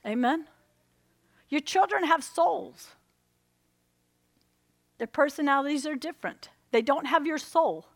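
A woman's voice: sits high, dry recording. A woman preaching a sermon, telling stories and acting out her own inner voices, checking in with "amen?" as she goes.

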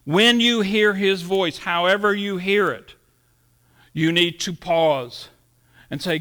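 A middle-aged man delivering a sermon in a high, ringing voice. His tone is bright and forward. He tells homespun stories and acts out the lines of the people in them. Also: slow pace. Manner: storytelling with acted-out quotes, folksy. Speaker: pastor.

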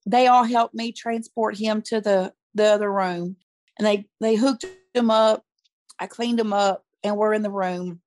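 A woman with a medium-pitched voice, speaking at a measured pace on a dry recording, appears as an interview guest. She candidly tells a personal story, animatedly acting out the things people said.

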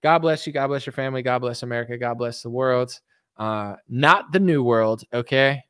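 A man's voice: medium pitch, moderate pace, fairly bright tone, smooth, no room sound, studio quality. A man vlogging a sarcastic, rambling satirical comedy monologue to his viewers.

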